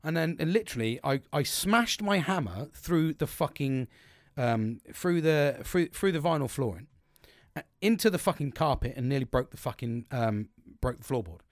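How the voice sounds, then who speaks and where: A man's voice: on the high side, dry recording, clean studio sound. A man talking candidly as a livestream host, rambling, swearing heavily and laughing often as he gives motivational chat.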